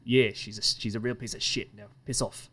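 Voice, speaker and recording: A man's voice: on the low side, level tone, brisk, bright, forceful tone. A man voicing a blunt, scarred older male thug who talks curtly and crudely. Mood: dismissive. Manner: curt, crude and threatening.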